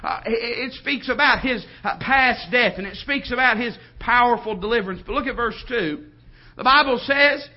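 Preacher man, high voice, swings from hush to shouting, dull muffled recording. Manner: swings from quiet to loud, exclaiming and drawn-out. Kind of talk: sermon.

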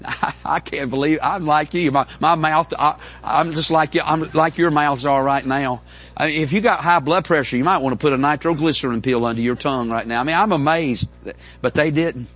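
Pastor, middle-aged, husky voice, folksy storytelling sermon with stammered restarts. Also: male voice, a little high, brisk, a bit bright. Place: church in front of a congregation.

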